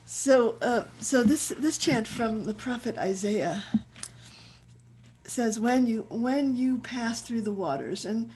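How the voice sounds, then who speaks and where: Woman rabbi, spiritual teaching, warm mellow tone, halting repeated words, video call, faint noise. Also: on the high side. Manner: searching, repeats words as she thinks aloud. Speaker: rabbi leading a chant session.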